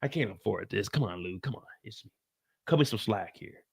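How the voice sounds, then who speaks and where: A man doing a low, gravelly label boss. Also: expressive, moderate pace, exaggerated voice. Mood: worried. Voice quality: deep gravelly put-on voice. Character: gruff low-voiced record label man.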